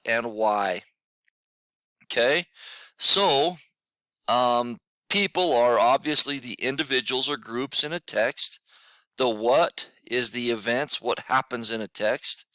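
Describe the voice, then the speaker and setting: A man's voice: mid-range voice, sharp tone, clear, resonant tone, no room sound. Tired man teaching a class. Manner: casual, repeats himself, many fillers. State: tired, yawning. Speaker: middle school teacher. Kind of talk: recorded class lesson.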